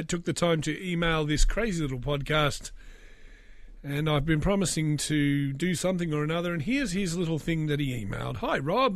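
Rambling, jokey man, slightly raspy. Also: fairly high pitch, no echo. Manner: rambling, jokey, sardonic asides. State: slightly raspy after illness. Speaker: podcast host. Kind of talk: casual solo podcast chat.

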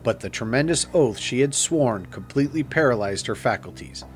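A man narrating a gothic tale as an audiobook in a measured, grave manner. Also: medium pitch, lively intonation.

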